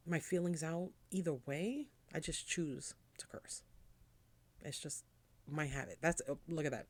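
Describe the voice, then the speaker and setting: A woman, hosting a podcast as a casual, rambling monologue, blunt and chatty with casual swearing. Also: deep voice. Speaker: podcast host.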